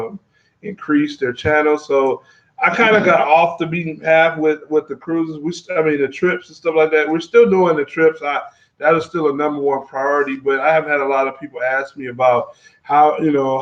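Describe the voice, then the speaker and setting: Laid-back man on a live stream. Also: a little high. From Texas. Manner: laid-back, many fillers and restarts, reads viewer comments aloud. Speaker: travel vlogger host. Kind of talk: casual live-stream chat. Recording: dull lo-fi live-stream audio.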